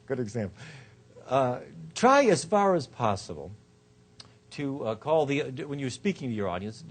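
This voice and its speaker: Man, law professor, lecture, joking, animated delivery, medium pitch. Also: husky. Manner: lively, joking, quick shifts of pitch and loudness. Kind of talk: lecture on rhetoric. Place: lecture hall.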